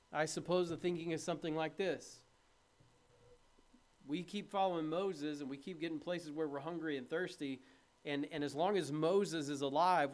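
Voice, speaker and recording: A male pastor preaching a sermon in a church, earnest and plain-spoken, putting questions to his congregation. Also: fairly high pitch.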